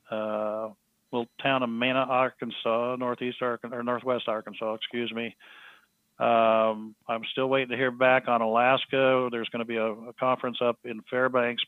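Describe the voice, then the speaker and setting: A man's voice: mid-range voice, smooth, no echo. A man, a guest in an interview, telling a story and acting out the quoted speech of the people in it. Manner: rambling storyteller who acts out quoted speech. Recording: tinny phone line.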